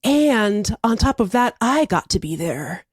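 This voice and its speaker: A woman in her thirties spins a story as a podcast co-host, laughing often and acting out the voices in her quotes. Her pitch sits in the middle of the range. The recording is dry and close. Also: unhurried, breathy edge, no echo. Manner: animated, laughing, acts out quotes. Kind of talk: casual storytelling chat.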